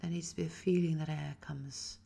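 An English woman guiding a Feldenkrais lesson, speaking slowly and softly with many whispered phrases, her voice tired after a weekend of talking. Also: deep voice, fairly even intonation, vocal fry, slight background noise. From England. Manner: slow, soft-spoken guiding with frequent whispered phrases. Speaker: Feldenkrais teacher. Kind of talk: guided movement lesson.

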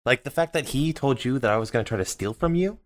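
A man's voice: mid-range voice, expressive, fast talker. A man playing a tabletop game, joking and laughing a lot. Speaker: player.

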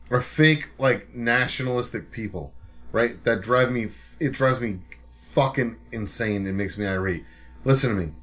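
A man's voice: medium pitch, normal speed, a bit bright. A man co-hosting a podcast, ranting with lots of swearing in casual chat. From Rhode Island, USA. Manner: profane, heated ranting. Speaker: podcast co-host.

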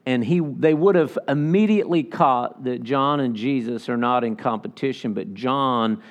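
Animated male pastor preaching. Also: medium pitch, normal speed. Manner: animated, acts out quoted voices. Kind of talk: sermon.

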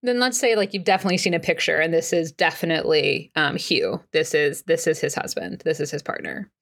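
A woman's voice: deep voice, expressive, fairly quick, creaky. A woman running a tabletop game as game master, chatty and giggly, with many fillers.

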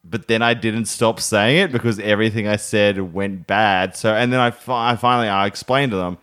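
A man's voice: fairly low pitch, moderate pace, clean tone. A young man, a podcast co-host and stand-up comedian, telling rambling stories in casual chat and often laughing at himself. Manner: animated, rambling anecdotes with frequent self-amused laughter.

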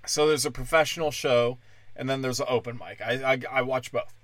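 A man doing crude stand-up, brash and profane, slipping into mocking high-pitched impressions and sounding a little tipsy. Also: fairly even intonation, fairly quick, fairly bright tone, no echo. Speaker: stand-up comic.

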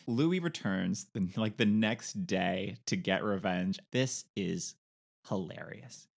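A man co-hosting a podcast, chatting casually and sarcastically about a film, with campy, animated storytelling. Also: fairly low pitch, takes it slowly, vocal fry. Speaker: podcast co-host.

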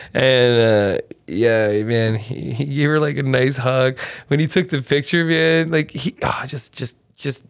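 A man's voice: medium pitch, a little slow, vocal fry, hardly any pauses. Laid-back swearing comedian, man. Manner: laid-back, swears often, peppers speech with "man" and "dude". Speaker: stand-up comedian. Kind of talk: casual podcast chat.

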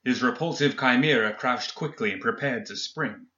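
A man reading a fantasy story aloud in steady, even scripted narration. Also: medium pitch, normal speed, reverberant, lo-fi sound. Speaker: audiobook narrator.

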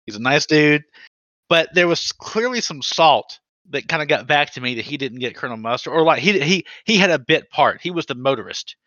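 A man's voice: a little high, lively intonation, brisk, bright, forceful tone, no room sound, muffled recording. A man in his thirties co-hosting a podcast, telling rambling, profane stories in casual chat. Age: 30s. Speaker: podcast co-host.

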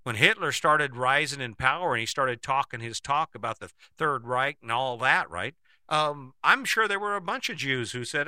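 A man's voice: medium pitch, animated, moderate pace, bright, forceful tone, no room sound, clean studio sound. A man giving a persuasive commentary monologue, firing skeptical rhetorical questions with emphasis. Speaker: speaker giving a monologue to camera.

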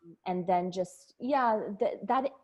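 A woman's voice: mid-range voice, slow, darkish tone. A woman in her forties, a nurse and podcast guest, telling her story candidly and with feeling in a casual interview. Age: 40s. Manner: candid, emotional, laughs often.

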